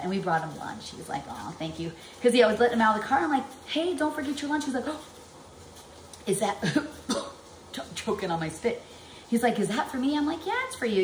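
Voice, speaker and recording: A woman in her forties chatting at length in a home kitchen vlog, rambling and animated with plenty of fillers while she works. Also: on the low side. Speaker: vlogger. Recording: echoey room, faint household noise.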